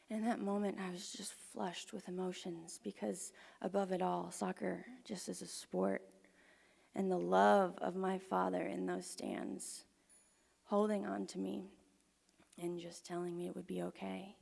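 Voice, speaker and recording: Gravelly woman telling a story on stage. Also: on the low side, flat delivery, measured pace. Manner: earnest, drops to a hushed near-whisper in emotional moments. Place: performance venue with audience. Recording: long hall reverb.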